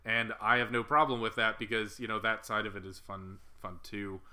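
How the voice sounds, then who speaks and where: A man's voice: fairly low pitch, level tone, normal speed, sharp tone. A man co-hosting a casual podcast chat, speaking thoughtfully with many hesitations and restarts. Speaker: podcast co-host.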